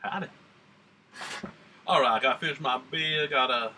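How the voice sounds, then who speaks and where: A man hosts a relaxed beer-tasting vlog in a put-on American Southern drawl. He rambles along in easy, slangy chat at a middle pitch. His voice has a very bright, ringing edge. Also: moderate pace, long pauses, a little hiss or hum. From United States. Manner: laid-back, rambling, chatty with slang. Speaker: beer reviewer. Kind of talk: casual vlog tasting review.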